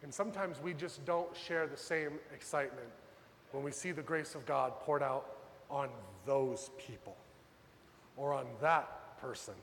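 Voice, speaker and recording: A man preaching a sermon as pastor, dramatic, swinging from loud urgent pleas to hushed low lines. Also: unhurried, long reverb tail, a little hiss or hum.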